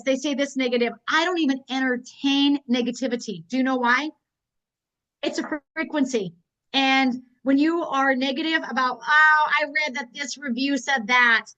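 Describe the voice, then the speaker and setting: A woman with a high voice delivers a motivational business talk, emphatic and fast to repeat her points. The recording sounds dull and lo-fi. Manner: energetic, emphatic storytelling with repetition. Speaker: network marketing presenter.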